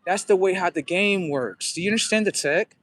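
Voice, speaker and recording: Male livestream host, higher than usual voice, loose and profane, rambling and preachy. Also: a little fast, background noise. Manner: profane, rambling, talks back to viewers. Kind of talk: casual livestream monologue.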